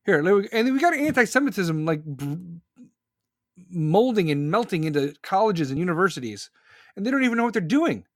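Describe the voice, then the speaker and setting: A man's voice: high voice, sing-song, fairly quick, dry recording, studio quality. A man hosting a podcast, delivering an angry, profane political rant. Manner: furious, profane, ranting. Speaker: podcast host.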